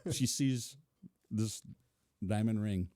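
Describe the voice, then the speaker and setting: A man's voice: on the low side, slow, dark tone, slight background noise. A middle-aged man telling a personal story in an interview, chuckling often and acting out what people said. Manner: chuckling, vivid, acts out quotes. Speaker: interview guest.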